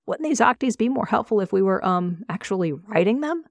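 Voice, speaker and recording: A brash young boy in training speaks eagerly in a storybook reading, voiced by a woman. He sounds quick to question and a little cocky. The sound is dry and close. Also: medium pitch, expressive, no room sound, pitched above the performer's own voice, lightly acted. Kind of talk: audiobook reading.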